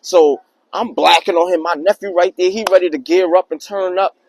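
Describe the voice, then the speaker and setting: A young man telling a personal story in a casual, slangy, animated way on his vlog. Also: high-pitched, brisk, rough recording. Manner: slangy, animated retelling with acted quotes.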